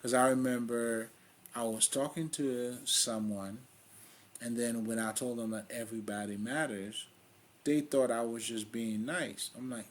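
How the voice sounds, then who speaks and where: Haitian-accented male host, mid-pitched husky voice, raw and profane, preaching street wisdom off the cuff. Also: fairly even intonation, a little slow. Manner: blunt, profane, streetwise and emphatic. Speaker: spiritual video host. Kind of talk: casual spiritual monologue.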